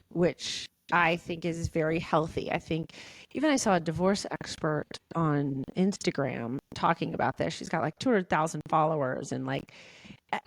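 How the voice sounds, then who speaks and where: A woman's voice: low voice, dry recording, poor audio. A woman co-hosting a podcast, speaking emphatically and giving her opinions. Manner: emphatic, reacts with frequent affirmations. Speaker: podcast co-host. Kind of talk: candid podcast chat.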